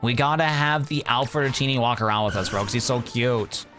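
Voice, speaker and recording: A man's voice: medium pitch, brisk, over music. A young man chatting casually on a live stream, rambling and laid-back, calling his viewers "bro".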